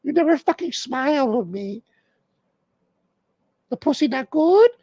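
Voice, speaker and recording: A man doing a comedic falsetto impression of a nagging, exasperated wife of a grumpy movie star. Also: lively intonation, a little slow, mellow, no room sound, lo-fi sound, full character voice. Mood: nagging, scolding. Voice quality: shrill high falsetto. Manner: whiny, scolding.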